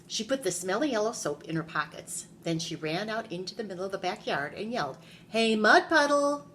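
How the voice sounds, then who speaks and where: A woman's voice: on the low side, a little fast, slight background noise. Woman reading a picture book to kids. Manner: animated storytelling, asks the children questions. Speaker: preschool teacher. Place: classroom.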